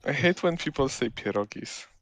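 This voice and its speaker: A man's voice: mid-range voice, normal speed, dry recording. A man with a mid-range voice and a dry, close, unechoing sound tosses short teasing remarks into a casual livestream chat.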